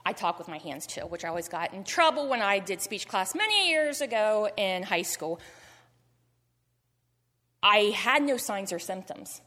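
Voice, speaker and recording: A woman's voice: mid-range voice, very animated, moderate pace, pushed and bright. A middle-aged woman speaks to a congregation, earnest and heartfelt, sometimes on the edge of tears. Her voice sits in a middle register and carries a long reverb from the church sanctuary. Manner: heartfelt, earnest, gets choked up. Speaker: cancer survivor giving testimony. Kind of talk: personal testimony in church.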